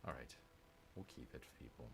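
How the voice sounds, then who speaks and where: A man's voice: extremely low pitch, expressive, moderate pace, a bit bright, breathy edge. A man giving casual gameplay commentary, grumbling and sarcastic as he talks to his viewers. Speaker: gaming channel host.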